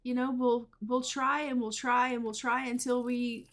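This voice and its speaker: A woman's voice: a little high, flat delivery, normal speed, close to an everyday voice. Woman voicing a reassuring young husband. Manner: soothing, reassuring. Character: young husband, eager to be a dad.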